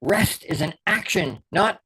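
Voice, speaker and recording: A man's voice: high-pitched, animated, measured pace, sharp tone, husky, low-quality recording. A middle-aged man hosting a podcast, giving a fervent motivational talk as a performance coach and repeating key words for emphasis.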